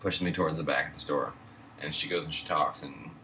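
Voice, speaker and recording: A man's voice: very deep voice, a little fast, sharp tone, slight background noise. A man hosting a show, telling a personal story casually, stammering and swearing as he goes. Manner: stammering, swearing, laughing between lines. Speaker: host.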